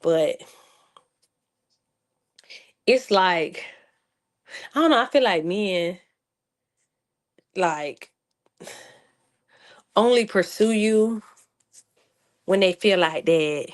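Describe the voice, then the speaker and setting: A woman's voice: mid-range voice, lively intonation, slow pace, long pauses. A young adult woman chatting casually to her viewers as a vlogger, sarcastic and talkative, calling them y'all.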